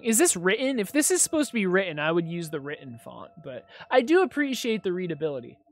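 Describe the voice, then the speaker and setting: A woman's voice: fairly low pitch, big pitch swings, quick pace, soft background music. A woman streamer chatting and reading game text aloud as she plays, with frequent laughs. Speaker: streamer playing a fan-made game. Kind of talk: live game commentary.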